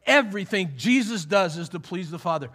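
A male preacher with a high, bright, ringing voice works through scripture in a loose, conversational way. He is animated and emphatic and slips into quoted voices as he explains. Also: brisk. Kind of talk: conversational Bible teaching sermon.

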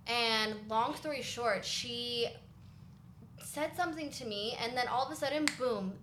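A woman tells a personal story in lively casual chat, quoting others as she goes. Her voice carries a roomy echo. A faint hiss sits behind it. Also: fairly high pitch, measured pace. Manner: animated storyteller who quotes others. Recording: roomy echo with light noise.

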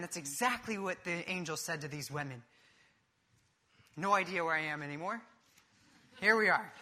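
This is a young man delivering a sermon, with a high, bright voice that carries sharply. He tells his story vividly and animatedly, and he moves easily between humour and earnest preaching.

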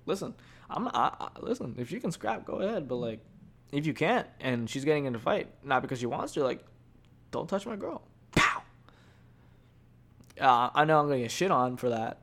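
A young man hosting a podcast, rambling casually with lots of swearing, swinging between quiet confessions and loud animated bursts. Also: medium pitch, brisk.

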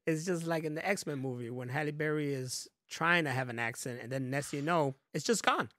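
A man co-hosting a podcast in casual chat, joking loudly and swearing freely. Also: on the high side, moderate pace, no room sound, clean studio sound. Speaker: podcast co-host.

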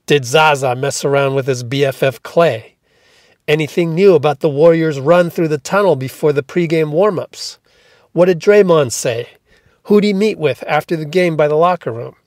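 A man's voice: on the high side, darkish tone, no room sound, clean studio sound. Upbeat man in a radio voice. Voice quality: put-on radio voice. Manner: upbeat, punchy hype delivery. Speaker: podcast host and team beat reporter. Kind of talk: energetic podcast intro monologue.

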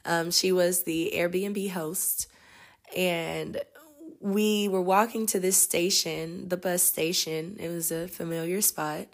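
A woman hosting a podcast as an energetic healer, telling a travel story in a chatty way and laughing often. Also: on the low side, slow. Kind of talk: casual storytelling.

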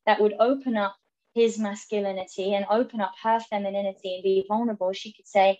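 English woman talking in halting bursts. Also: medium pitch, fairly even intonation, darkish tone, muffled recording. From England. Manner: halting, repeats words, acts out quoted lines. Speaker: guest. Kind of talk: reflective conversational interview.

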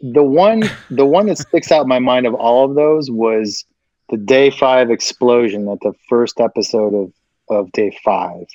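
A man's voice: mid-range voice, measured pace, dark tone, no echo, dull audio. Man telling a story, acting out voices. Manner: acts out quoted voices, laughs often. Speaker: actor guest. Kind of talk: animated anecdote telling.

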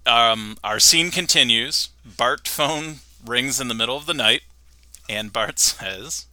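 A man's voice: mid-range voice, takes it slowly, sharp tone, no room sound. A man hosting a podcast, recapping a cartoon episode in a chatty way and laughing often. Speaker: podcast host. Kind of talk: casual chat, recapping an episode.

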